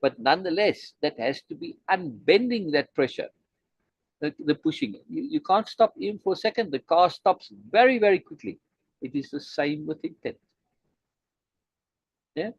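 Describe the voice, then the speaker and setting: A man's voice: fairly high pitch, slightly rough, dry recording, highs cut off. A man teaching a study group, explaining a text with emphatic repetition and frequent "right?" checks. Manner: emphatic, repeats key points, frequent "right?" tags. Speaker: teacher leading a study session.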